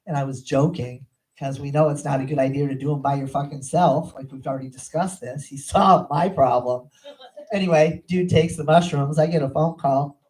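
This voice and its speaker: A woman's voice: deep voice, fairly even intonation, moderate pace, darkish tone, rough recording. A middle-aged woman performing a crude, profane stand-up routine on a comedy club stage. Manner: crude, profane, brash storytelling.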